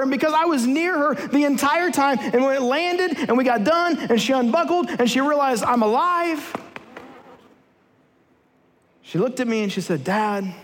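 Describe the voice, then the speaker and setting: High-voiced pastor preaching in a reverberant hall. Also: male voice, a bit bright. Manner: storytelling, then repeated rallying calls. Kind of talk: sermon. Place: church sanctuary.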